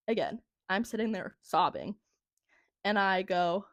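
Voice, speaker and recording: A woman's voice: mid-range voice, expressive, moderate pace, dry recording, clean studio sound. A young woman telling a story as podcast co-host in casual chat, rambling with lots of "like" and frequent laughs. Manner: rambling, heavy use of "like", laughs often.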